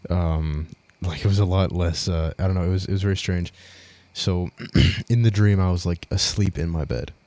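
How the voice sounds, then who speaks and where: A man's voice: sits low, fairly even intonation, moderate pace, darkish tone. A young man co-hosting a podcast, telling a story in casual chat, rambling, swearing a lot and laughing as he goes. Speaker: podcast co-host.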